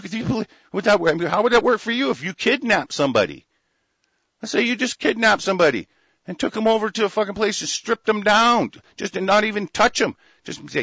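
Man, fairly high voice, furious profane ranter who trips over his words, dry and dull lo-fi sound. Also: a bit bright, dry recording. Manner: angry, heavy cursing, stumbling restarts. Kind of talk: profane ranting commentary. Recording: dull lo-fi recording.

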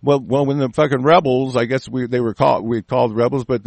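With vocal fry and a darkish tone, this medium-pitched male host rants fast and angrily on his online political broadcast. His intonation stays fairly even while he curses, restarts and repeats himself. No room sound is audible.

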